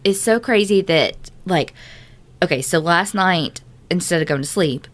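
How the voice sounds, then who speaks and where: Lower-voiced woman, blunt and swearing. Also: measured pace. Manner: emphatic, heavy swearing, fillers like "like". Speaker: podcast co-host. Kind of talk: casual chat.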